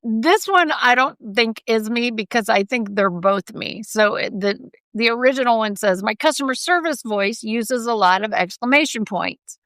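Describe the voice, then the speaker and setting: A woman co-hosting a casual podcast chat, her voice carrying a gravelly edge. She talks emphatically and breaks into laughter often, and the sound is close and dry with no room around it. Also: a little high, lively intonation, normal speed, fairly bright tone, dry recording. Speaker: podcast co-host.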